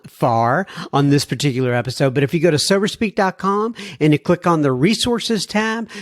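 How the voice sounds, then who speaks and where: A man's voice: fairly high pitch, dry recording, studio quality. A man from Texas hosting a podcast, reading listener emails aloud and talking to his listeners in an earnest, rambling way with many restarts. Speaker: podcast host.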